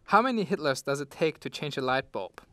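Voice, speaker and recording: Bright-voiced man reading jokes, dry sound. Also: mid-range voice, expressive, a little fast, no room sound. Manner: reads jokes tagged with a "beep, beep" bit. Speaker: show regular reading jokes. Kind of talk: comedic podcast banter.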